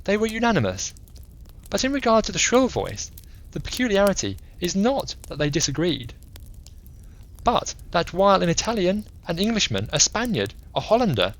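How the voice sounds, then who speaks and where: Eccentric clever detective played by a man, measured lecturing tone, raised pitch, lively inflection, bedtime audiobook. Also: full character voice. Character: eccentric brilliant male detective, coolly analytical.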